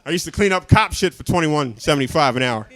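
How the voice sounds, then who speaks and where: A young male comedian talks through his set in a fairly high voice. He rambles in a loose, self-mocking way and laughs at his own jokes. He often sinks into quiet, confiding asides. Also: lively intonation, fast, a little hiss or hum. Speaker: stand-up comedian.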